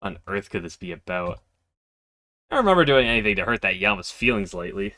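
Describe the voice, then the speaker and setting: A man's voice: fairly low pitch, sing-song, fast talker, sharp tone, pitched below the performer's own voice. A man voicing a spoiled, selfish young female heiress who talks bluntly and dismissively. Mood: haughty.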